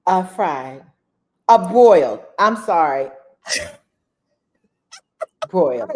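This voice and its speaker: A woman guest answers questions in a casual interview. Her voice is low and her pace slow. She thinks aloud with plenty of fillers. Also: expressive, darkish tone. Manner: unhurried, thoughtful, with many fillers.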